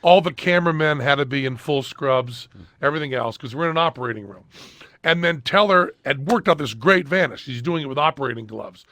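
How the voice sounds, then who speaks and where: A middle-aged man hosting a podcast, telling a story in casual chat and loudly acting out the people in it. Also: on the high side, a little fast, dry recording. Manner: animated, shouts and acts out quoted people. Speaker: podcast host.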